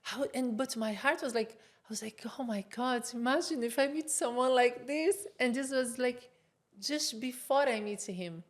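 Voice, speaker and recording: A young woman with a Brazilian Portuguese accent, telling a personal story as a podcast guest in a casual, animated way, acting out what people said. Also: moderate pace. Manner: animated, acts out quotes with big pitch jumps. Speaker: guest, belly dancer and model.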